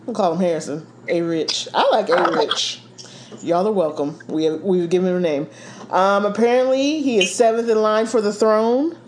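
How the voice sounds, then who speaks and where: A woman's voice: mid-range voice, normal speed, slight background noise. A woman co-hosting a casual chat, playful and giggly, stretching out her words.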